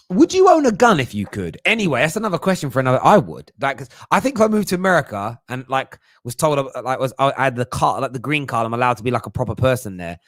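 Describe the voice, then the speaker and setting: A man's voice: medium pitch, no echo, studio quality. A young man hosting a casual live chat, jokey and slangy, laughing often. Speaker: livestream host.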